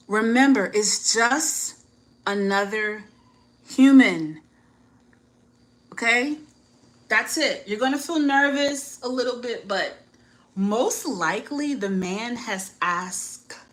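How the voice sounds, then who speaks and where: Woman with a US Northeast accent, unhurried delivery, frank and chatty advice-vlogger with a self-mocking laugh. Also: mid-range voice, a bit bright, poor audio. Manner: chatty and frank, many "like" fillers, laughs at herself. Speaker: YouTuber giving dating advice. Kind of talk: casual advice vlog.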